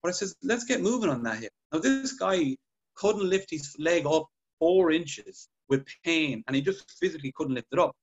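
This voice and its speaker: Man, slightly high voice, casual podcast chat, acts out dialogue. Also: normal speed, slightly rough, muffled recording. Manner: animated storytelling, acts out patient dialogue. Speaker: podcast guest clinician.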